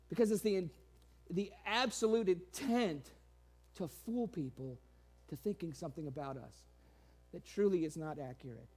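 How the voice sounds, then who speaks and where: A man preaching a sermon in an animated way, laughing often and raising his voice for sarcastic quotes. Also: high-pitched. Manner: animated, laughing, sarcastic asides, quoting in raised voice.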